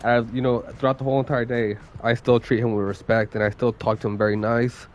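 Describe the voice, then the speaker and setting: A man's voice: medium pitch, level tone, fast talker, darkish tone, muffled recording, slight background noise. A young man streaming, who is getting over a cold and coughs now and then, talking in a rambling, profane way full of fillers. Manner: rambling, profane, heavy use of "like". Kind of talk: casual stream chat.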